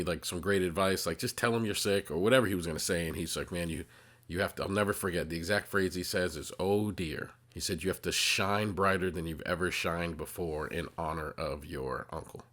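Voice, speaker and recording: A man's voice: low-pitched, a little fast, fairly bright tone. A man hosting his own podcast, telling a personal story in an earnest, conversational way, often repeating words and restarting his sentences. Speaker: podcast host, psychotherapist.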